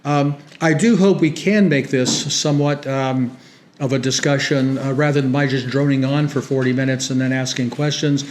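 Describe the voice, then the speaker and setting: A man's voice: medium pitch, steady tone, moderate pace, slight background noise. A middle-aged American man giving a lecture to an audience, ironic and dry, often restarting his sentences. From United States. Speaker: guest speaker. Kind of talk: public lecture with banter.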